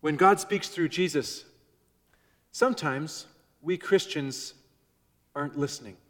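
A man preaching a sermon to his congregation, measured and shifting between soft, gentle phrases and loud emphasis. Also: a little high, big-room sound. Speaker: pastor. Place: church before a congregation.

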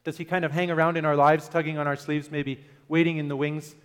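A man's voice: fairly high pitch, level tone, fast talker, fairly bright tone, clean tone. A man preaching a sermon in a conversational way, often asking his listeners questions. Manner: conversational, asks the audience questions, some "uh" fillers. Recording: long hall reverb.

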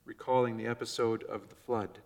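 A man preaching a sermon to his congregation, measured and shifting between soft, gentle phrases and loud emphasis. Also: lowish voice, steady tone, long reverb tail, a little hiss or hum. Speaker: pastor. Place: church before a congregation.

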